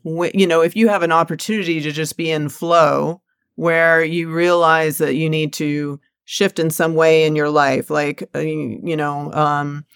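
A woman hosting a podcast, talking in a relaxed, conversational way and thinking aloud through examples as she steers the topic. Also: low-pitched, a little slow, clear, resonant tone, dry recording, studio quality.

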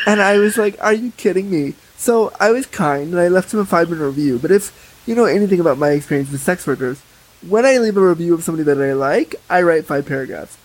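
A man with a somewhat higher, husky voice chats on a podcast. He tells stories bluntly and candidly, with lively asides and frank opinions. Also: fast talker, poor audio. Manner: candid, blunt, animated storytelling. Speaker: podcast guest. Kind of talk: casual podcast chat.

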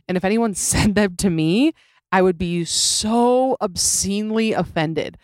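A woman's voice: mid-range voice, unhurried, a little mellow, dry recording. A young woman hosting a comedy podcast, talking in an opinionated, sarcastic way and laughing easily, recorded close in a small room. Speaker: podcast host. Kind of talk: casual comedic podcast monologue.

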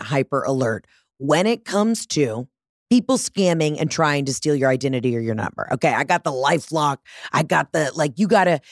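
A woman hosting a podcast, telling a story in a casual, animated and profane way, mocking herself, on a close studio mic. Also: low-pitched, no room sound. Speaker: podcast host.

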